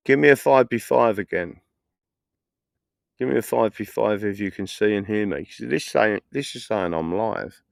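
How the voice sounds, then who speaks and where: A man's voice: lowish voice, normal speed, gravelly, dry recording, studio quality. A middle-aged man live streaming, telling rambling anecdotes in casual chat and laughing often.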